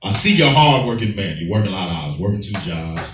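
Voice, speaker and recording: This Sabbath class teacher has a fairly low, somewhat bright voice and speaks fast and very animatedly, with a little background noise. His scripture commentary is emphatic and streetwise, peppered with questions about whether people are following. The sound is roomy and distant from the microphone.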